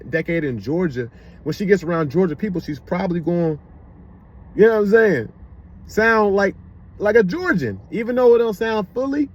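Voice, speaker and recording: A man with a DC-area accent giving rambling, casual commentary, often asking if you know what he means. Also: high-pitched. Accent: Washington DC area. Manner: rambling, with repeated fillers. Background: loud car passing outside.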